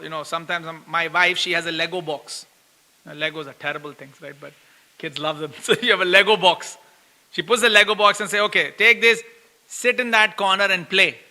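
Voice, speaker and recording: A middle-aged man giving a lively sermon, often asking listeners "right?" and acting out complaints. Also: high voice. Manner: lively storytelling, acts out quoted complaints, laughs often; asks listeners "right?" again and again. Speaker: preacher giving a scripture class. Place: temple hall. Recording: long hall reverb.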